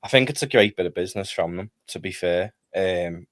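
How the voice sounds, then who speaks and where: A man with a very deep voice co-hosts a relaxed football chat stream. He talks loosely and hesitantly, thinking aloud as he goes. The recording is dry and close. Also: a little fast, dry recording. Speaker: co-host.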